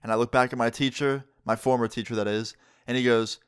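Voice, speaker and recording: A young man chatting through a storytime for his channel, voice sitting at an ordinary middle pitch. He tells it casually and excitably, leaning on "like" as he goes. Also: brisk, clean tone. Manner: casual, excitable retelling with frequent "like". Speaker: vlogger. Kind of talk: storytime vlog.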